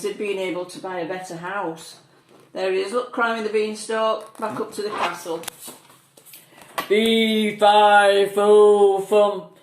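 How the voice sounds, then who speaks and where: A woman reads a children's picture book aloud, gentle and coaxing as she points out the pictures. Her voice sounds echoey in the room. A faint hiss sits under it. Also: mid-range voice. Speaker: storyteller.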